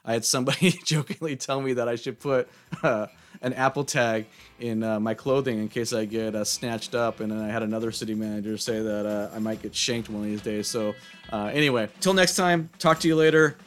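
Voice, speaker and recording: A man's voice: medium pitch, steady tone, brisk, soft background music. A middle-aged man hosting a solo podcast, taunting and challenging his listeners in a combative monologue. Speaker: podcast host.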